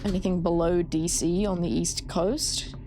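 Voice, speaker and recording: A woman's voice: on the low side, fairly even intonation, a little slow, dark tone, slight background noise. A young Australian woman casually chatting with her chat while she plays a horror game, swearing freely. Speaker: streamer. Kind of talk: casual gameplay commentary.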